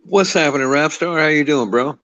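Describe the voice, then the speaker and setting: A man calling into a casual debate, halting with fillers and repeating his question insistently. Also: fairly high pitch, fairly bright tone, no room sound. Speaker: guest caller. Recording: dull lo-fi call audio.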